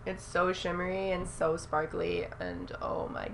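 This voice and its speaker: A young woman reviewing makeup on camera in a casual, gushing way, often gasping in excitement. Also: on the low side, a little slow, a little hiss or hum. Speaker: beauty vlogger.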